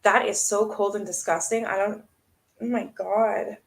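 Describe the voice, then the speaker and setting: A woman's voice: medium pitch, steady tone, unhurried, gravelly. A woman hosting a live stream, reading a book aloud and breaking off to react bluntly to her viewers, often swearing. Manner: blunt, swears freely, greets chat viewers. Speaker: host.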